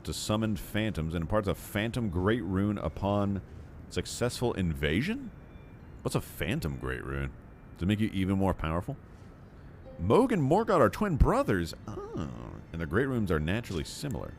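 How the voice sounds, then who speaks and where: A male streamer with a low voice that jumps around a lot as he jokes his way through a game. He rambles and mutters to himself between quips. Faint game music plays behind him. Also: sing-song, normal speed. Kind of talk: casual gameplay commentary.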